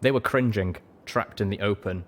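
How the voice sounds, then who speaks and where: A man narrating a story in first person with a steady, dramatic reading. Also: fairly low pitch, normal speed. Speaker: audiobook reader.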